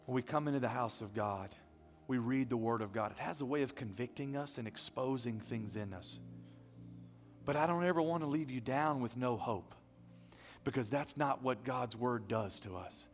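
Pastor preaching in a reverberant hall. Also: male voice, medium pitch, normal speed, soft background music. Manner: dynamic preaching, swinging from loud to hushed. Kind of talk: sermon. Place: church sanctuary.

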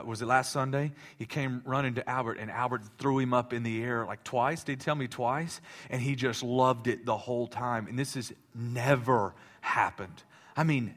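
A male pastor in his thirties preaches a sermon in a mid-range voice, swinging between loud, impassioned preaching and soft, confiding talk, with many stammering restarts.

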